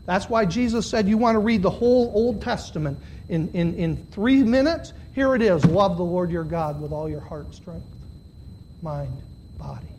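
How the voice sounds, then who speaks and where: A man preaching a sermon to a congregation, swinging between loud, high, impassioned stretches and low, earnest appeals. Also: normal speed, a little hiss or hum. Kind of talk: sermon with altar call. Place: church.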